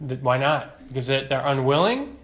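A man's voice: mid-range voice, expressive, moderate pace, fairly bright tone. A man teaching a doctrinal Bible lesson, emphatic, asking rhetorical questions and repeating key phrases.

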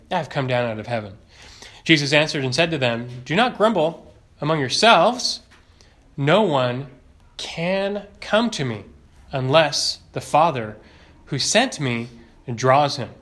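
A man's voice: mid-range voice, fairly bright tone. A man teaching a doctrinal Bible lesson, emphatic, asking rhetorical questions and repeating key phrases.

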